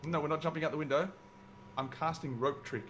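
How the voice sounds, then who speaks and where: A man's voice: on the high side, fairly even intonation, a little fast, a bit bright, a little hiss or hum. A man playing in a tabletop game, eager and stammering as he explains his moves. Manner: eager, stammering restarts, laughing. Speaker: player. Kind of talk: casual tabletop play.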